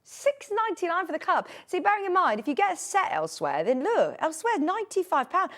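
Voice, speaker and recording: Lively chatty British woman selling. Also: very high-pitched, fast, few pauses. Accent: British English. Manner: chatty, bubbly sales patter. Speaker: shopping channel presenter. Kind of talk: live home shopping sales chat.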